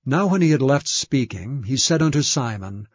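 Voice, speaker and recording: A man's voice: medium pitch, lively intonation, moderate pace, no echo. Solemn man reading scripture, dull recording. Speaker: scripture reader.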